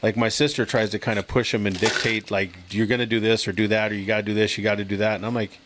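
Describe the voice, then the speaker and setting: A man's voice: fairly low pitch, flat delivery, fast, noisy background. A middle-aged man co-hosting a podcast, chatting casually with dry jokes and short agreeing replies. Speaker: podcast co-host. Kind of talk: casual chat.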